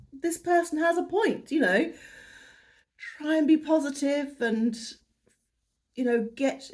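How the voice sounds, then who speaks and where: A woman's voice: on the high side, darkish tone. A British woman in her fifties talks to camera in a loose, wandering vlog style. She pokes fun at herself and laughs at her own detours. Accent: British English. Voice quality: chatty and self-deprecating, laughing at her own tangents. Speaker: haul vlogger. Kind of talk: rambling casual chat to camera.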